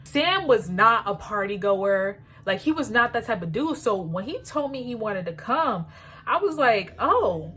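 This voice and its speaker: A woman's voice: fairly high pitch, moderate pace, faint music behind. A woman in her twenties telling a casual storytime as a beauty vlogger, chatty and slangy, with lots of "like". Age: 20s. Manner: chatty, peppered with "like", slangy and animated.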